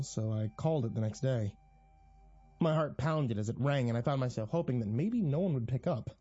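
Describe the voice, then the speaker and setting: A man narrating a first-person horror story in a tense, measured way. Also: medium pitch, warm tone, slightly rough, highs cut off.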